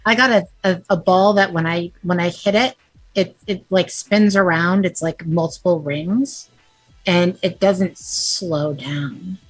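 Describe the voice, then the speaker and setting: Female player from Maine, very low, husky, rambling chat. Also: measured pace, soft background music, rough recording. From Northern Maine, USA. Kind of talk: casual tabletop play.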